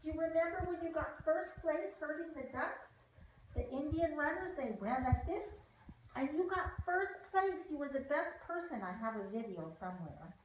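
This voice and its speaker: A woman's voice: high-pitched, animated, normal speed, far from the mic. A woman telling her old dog the story of his puppyhood, in a coaxing, sing-song way aimed at the pet. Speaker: dog owner. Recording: echoey room, voice from off-mic, faint noise.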